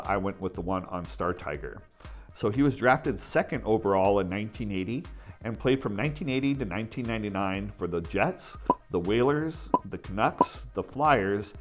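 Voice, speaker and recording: Man, lowish voice, upbeat and chatty, casual vlog host, faint music behind. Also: fairly bright tone. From United States. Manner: upbeat, chatty, with frequent fillers and self-corrections. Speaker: autograph collecting channel host.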